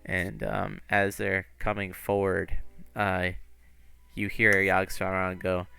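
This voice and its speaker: A man's voice: low-pitched, monotone, slow pace, gravelly, sharp tone. A man narrating a tabletop game as game master, in a casual style full of fillers and swearing.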